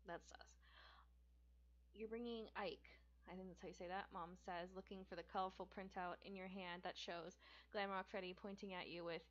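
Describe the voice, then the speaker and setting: A woman's voice: mid-range voice, steady tone, moderate pace, a bit bright. Chatty young woman reading aloud. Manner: chatty, jokey, stumbles and self-corrects. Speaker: gaming streamer reading a book aloud. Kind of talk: casual read-aloud with asides. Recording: dull lo-fi recording.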